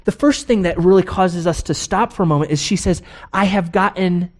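Male pastor, sermon, emphatic, rhetorical questions, drawn-out key words. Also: high voice, a little mellow. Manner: slows down to stress key words.

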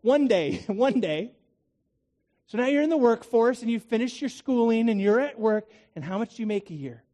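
A man's voice: very high-pitched, animated, normal speed, dark tone. A man preaching a sermon to a congregation, talking in a conversational way with rhetorical questions and asides. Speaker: pastor.

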